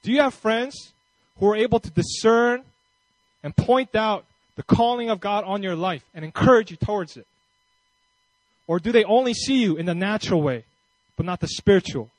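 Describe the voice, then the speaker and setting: A male pastor giving a conversational, animated sermon with casual asides and self-deprecating humor. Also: sits high, normal speed, dry recording, rough recording.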